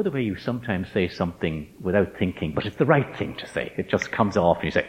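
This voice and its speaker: A man's voice: low-pitched, expressive. Man giving a reflective faith talk in a hall. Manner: measured and emphatic, stretching key words. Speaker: speaker addressing ministers. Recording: dull lo-fi recording in a reverberant hall.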